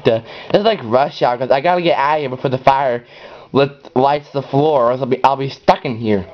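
A man hosts his own gameplay channel, rambling through casual commentary in a mid-pitched voice. He gets excitable and jumps up into high yells. The recording sounds dull and lo-fi. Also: fairly quick.

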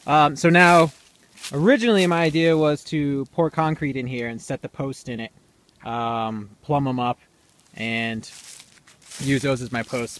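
A man's voice: mid-range voice, fairly bright tone, slight background noise. A young man casually explaining his outdoor building project on rural land, rambling a bit with fillers, recorded on a camera mic outdoors. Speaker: DIY video maker.

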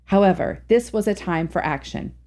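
A woman's voice: medium pitch, normal speed, darkish tone. A woman reading a classic humorous short story aloud as a storyteller, narrating expressively.

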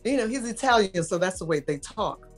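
Animated woman telling stories. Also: medium pitch, a little fast, faint music behind. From New York. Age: middle-aged. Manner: animated storyteller, acts out quoted voices. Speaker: model, interview guest. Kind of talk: casual interview storytelling.

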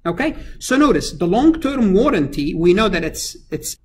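A man's voice: sits high, very animated, normal speed, a little hiss or hum. A male accounting lecturer talking through figures step by step, with many fillers and restarts as he thinks aloud. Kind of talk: recorded screen-capture lecture.

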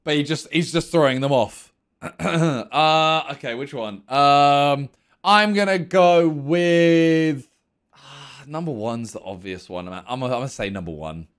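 A man's voice: on the high side, unhurried. A young man casually reacting to a video, thinking aloud and second-guessing himself.

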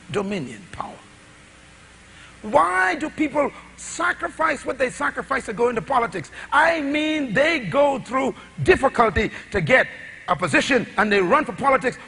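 A middle-aged man preaching a sermon, with dramatic swings between shouted lines and hushed asides, full of rhetorical questions. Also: very high voice, gravelly, husky.

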